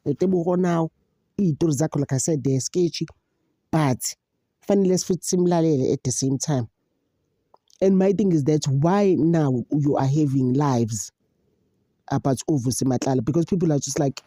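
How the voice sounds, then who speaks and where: A South African woman hosting a casual gossip vlog. She mixes English with Zulu and talks in an animated, mocking way. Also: low-pitched, normal speed. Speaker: commentator on a gossip channel.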